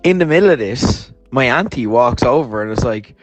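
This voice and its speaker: A man's voice: medium pitch, expressive, moderate pace, dry recording, faint music behind. A hungover man telling a friend a story in a voice note, laughing often and swearing as he rambles. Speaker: podcast host.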